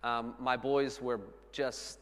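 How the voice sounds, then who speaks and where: A man in his thirties preaching a sermon, telling a family story with earnest warmth and laughing at himself now and then. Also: medium pitch, flat delivery, slow pace. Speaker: pastor. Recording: long hall reverb.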